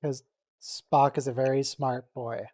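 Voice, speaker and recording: A man hosts a relaxed watch-along stream at an ordinary, middle pitch. He jokes freely and reacts fast to what's on screen. He teases his friends along the way. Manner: joking, quick to react and tease. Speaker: stream host. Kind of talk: casual watch-along chat.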